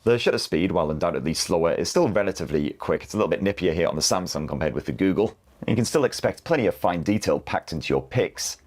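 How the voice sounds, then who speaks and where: A British man narrating a scripted phone camera review in a brisk, slangy style. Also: sits low, expressive, darkish tone. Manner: brisk, slangy, reads specs crisply. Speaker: tech video presenter.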